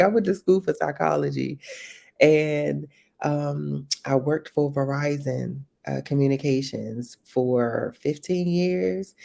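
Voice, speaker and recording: A low-voiced woman of about forty tells her story as an interview guest. Her voice has a gravelly, creaky edge, and she talks in a relaxed, easygoing way, laughing often. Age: 40s. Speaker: guest, private chef. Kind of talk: casual interview chat.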